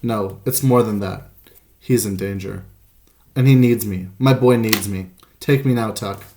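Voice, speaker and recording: A man's voice: lowish voice, unhurried, mellow, slight background noise. A man voicing a loyal, determined male dog who talks in an urgent, earnest way. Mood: resolute.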